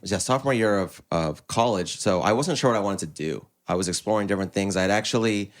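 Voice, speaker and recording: A young man from the United States, a podcast guest telling his story in a relaxed, rambling way. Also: lowish voice, fast talker. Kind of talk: casual interview chat.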